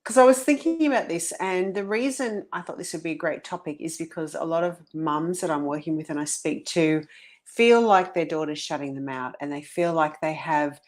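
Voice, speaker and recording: A woman with a somewhat low voice talks earnestly as a coach for mothers, carrying a story along in a relaxed conversational way. Her voice sounds a touch husky today, and she often circles back to restart a thought. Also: normal speed. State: slightly husky voice this morning.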